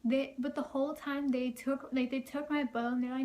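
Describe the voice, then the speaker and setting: A woman's voice: sits high, little pitch movement, normal speed, a little mellow. A young woman vlogger telling personal stories in a casual, chatty way, full of fillers and frequent laughter. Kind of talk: casual storytelling vlog.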